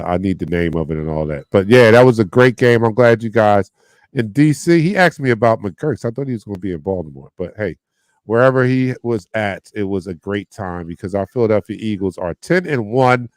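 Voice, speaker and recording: A man's voice: lowish voice, lively intonation, moderate pace, darkish tone, dry recording, clean studio sound. A man hosting a casual sports podcast, laughing often and acting out what he said. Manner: laughs often, quotes himself. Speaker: podcast host.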